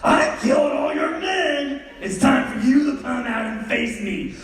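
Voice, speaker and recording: A man acting out a boy playing an action hero, shouting battle cries in a high, strained voice. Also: expressive, measured pace, faint music behind. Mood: fierce. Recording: echoey theatre from far off.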